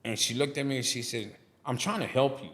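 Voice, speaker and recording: Brisk and medium-pitched, this middle-aged man is a podcast guest who runs a barbershop and serves as a pastor. He tells lively stories on the casual show, performing the voices of the people he quotes.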